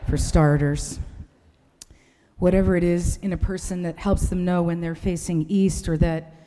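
A woman's voice: low-pitched, warm tone, in a large hall. A woman delivering a sermon, telling a wry, humorous story in a church. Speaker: preacher.

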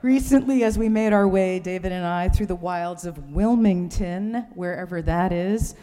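A woman's voice: on the low side, moderate pace, dark tone, in a large hall. A woman delivering a sermon, telling a wry, humorous story in a church. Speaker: preacher.

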